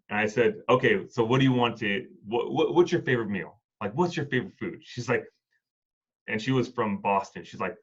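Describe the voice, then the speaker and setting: A man's voice: on the low side, brisk, husky, dull audio. A man telling heartfelt stories about hospice patients in a casual conversation, acting out both sides of the dialogue. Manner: reflective, acts out dialogue in stories. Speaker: hospice and home health worker, former Marine.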